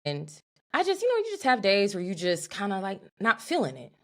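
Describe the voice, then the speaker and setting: A young woman co-hosting a podcast, telling an animated, profane story in a casual chat. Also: mid-range voice, fairly quick. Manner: animated, profane, talks to her co-host as "girl". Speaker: podcast co-host.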